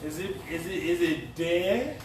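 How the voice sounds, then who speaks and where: Animated young man in an echoey room. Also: a little high, a little slow, far from the mic, background noise. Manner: animated storytelling, laughs often, swears casually. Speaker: podcast co-host. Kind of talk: casual chat. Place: room recorded for a live stream.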